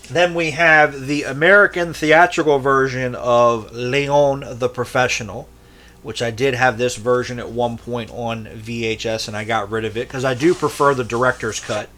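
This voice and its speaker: Speaking a little slowly in a mid-range, slightly bright voice, a man presents his tape collection. It's a casual show-and-tell from a VHS collector vlogger who rambles, cracks jokes, and curses freely.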